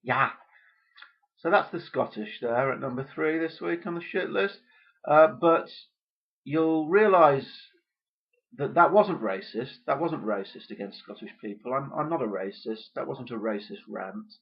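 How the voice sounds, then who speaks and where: A man delivering a deadpan comic rant in a gloomy, hesitant way. His voice sits at an ordinary pitch. The recording sounds dull and lo-fi. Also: normal speed. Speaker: comedy podcast host.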